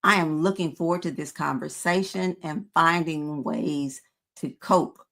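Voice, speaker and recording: A woman's voice: low-pitched, a little slow, creaky, a bit bright. A woman in her fifties co-hosting a podcast. She talks frankly and conversationally, with hesitant fillers. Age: 50s. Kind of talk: candid podcast chat.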